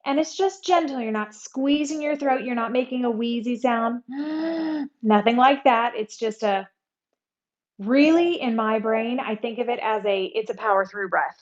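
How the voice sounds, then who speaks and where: A woman teaching a yoga class, giving calm, conversational instructions and breathing cues. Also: fairly high pitch, normal speed, muffled recording.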